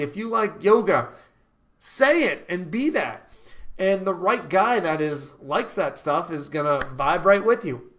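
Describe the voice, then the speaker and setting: A young man giving dating advice to camera, energetic and casual, breaking into sudden loud exclamations. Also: on the high side. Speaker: dating coach. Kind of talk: direct-to-camera advice talk.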